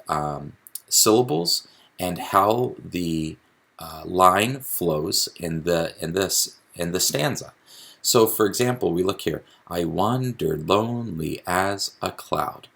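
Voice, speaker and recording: A man's voice: sits low, fairly bright tone, slightly rough. A man teaching a recorded lesson on poetry, explaining step by step and often restarting his sentences. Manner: explanatory, with frequent restarts and fillers.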